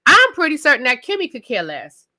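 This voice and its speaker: A woman hosting a live TV review show, talking loudly and emphatically straight to her viewers in a casual rant. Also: high voice, wildly swooping pitch, a little fast. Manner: loud, emphatic, talks straight to the audience.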